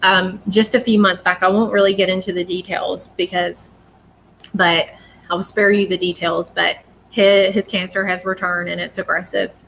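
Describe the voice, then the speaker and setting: Woman on a phone live stream, shaky and emotional, keeps apologizing, rambly, bright sharp voice. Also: lowish voice, level tone, normal speed, creaky, slight background noise. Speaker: psychic reader on a live stream. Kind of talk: casual live-stream talk.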